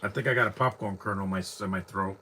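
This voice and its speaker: A man's voice: low voice, fairly even intonation, fast talker, bright, forceful tone, a little hiss or hum. A man giving casual live movie commentary at home, rambling with frequent restarts and self-corrections. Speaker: film commentator.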